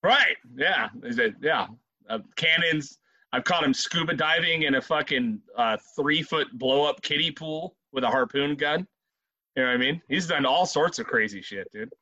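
A man with a high, bright voice tells a story in loose, animated chat. He swears freely and laughs often as he talks. The sound is dry and slightly muffled. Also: moderate pace, dry recording.

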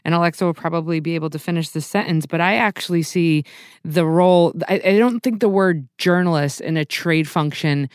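A woman's voice: fairly low pitch, a little fast, clear, resonant tone, no room sound, studio quality. A woman co-hosting a casual business talk, building her ideas aloud in a thoughtful way.

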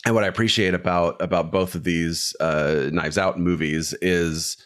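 A man's voice: deep voice, steady tone, normal speed, fairly bright tone. A man co-hosting a podcast, giving a meandering, self-interrupting take on films in casual chat. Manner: meandering, self-interrupting analysis with many fillers. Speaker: podcast co-host discussing films.

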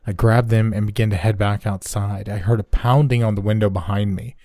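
A man reads a horror story aloud in the first person, steady and dramatic. His voice is low and mellow. The recording is close and dry, with no room sound. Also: brisk, dry recording. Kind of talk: scripted horror story narration.

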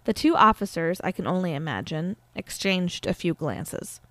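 A woman's voice: on the low side, expressive, normal speed, fairly bright tone, dry recording. A woman hosting a podcast, telling a true-crime story in a chatty, casual way with frequent fillers. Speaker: podcast host.

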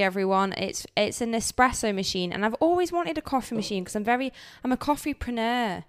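A woman's voice: on the high side, animated, brisk, few pauses. A woman co-hosting a podcast, chatting in a bubbly, playful way. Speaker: podcast co-host. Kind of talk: casual chat.

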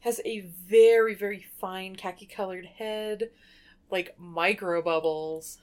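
A woman's voice: medium pitch, steady tone, slow, a little mellow, smooth. A woman co-hosting a podcast, joking around in casual chat. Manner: joking, playful. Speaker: podcast co-host.

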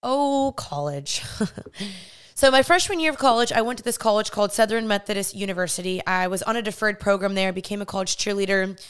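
A woman's voice: medium pitch, fast talker, hardly any pauses, fairly bright tone, smooth. A young woman podcast host telling a personal faith testimony in a candid, earnest, chatty way.

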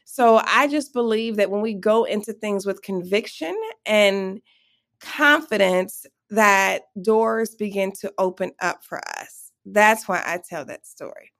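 A middle-aged woman telling a lively personal story as an interview guest, acting out the voices she quotes. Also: mid-range voice, unhurried. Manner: animated, acts out quoted voices.

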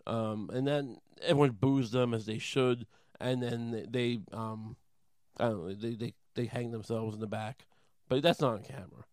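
A man doing a rambling comic monologue, deadpan and crude, halting with many fillers. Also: mid-range voice, clean tone, no room sound, clean studio sound. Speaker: comedian.

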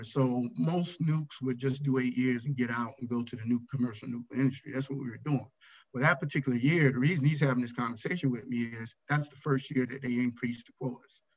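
A man's voice: medium pitch, highs cut off. A middle-aged man, a retired navy command master chief, candidly telling a story from his career in a casual interview. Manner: candid, animated when retelling his anger.

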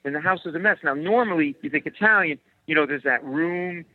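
A man, a comedian guest, telling comic stories in an animated way and acting out the people in them. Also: on the high side, a little fast, no room sound, phone-quality sound. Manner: animated storyteller, acts out quotes, laughs often. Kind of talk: comic storytelling.

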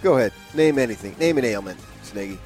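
A man's voice: mid-range voice, expressive, fast, darkish tone, soft background music. A man co-hosting a sports radio show, joking around with playful boasts. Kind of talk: casual sports radio banter.

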